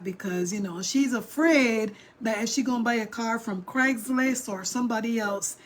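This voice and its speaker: A middle-aged woman vlogger, her voice a little high for a woman, tells her viewers a story directly, lively and emphatic. She presses hard on her points, talking at normal speed with few pauses.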